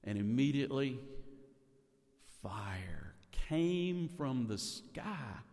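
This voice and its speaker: A man's voice: mid-range voice, big pitch swings, extremely slow, gravelly, darkish tone. Man preaching in a reverberant hall. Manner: storytelling, rhetorical questions, repeats words. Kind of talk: sermon.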